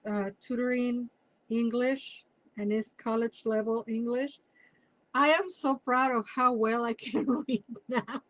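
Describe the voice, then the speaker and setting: A woman's voice: on the high side, dry recording, rough recording. Chatty woman with a Mexican Spanish accent. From Mexico City. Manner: chatty, rambling, drifts into personal asides. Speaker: tarot reader. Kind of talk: casual tarot reading for viewers.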